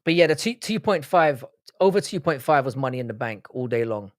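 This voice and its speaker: Man, young adult, live-stream host, casual banter, swears a lot, mid-pitched voice, dry close sound. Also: lively intonation, fairly quick, no room sound. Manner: swearing, bantering, rambling with restarts. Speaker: livestream host. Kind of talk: casual live-stream chat, reacting to comments.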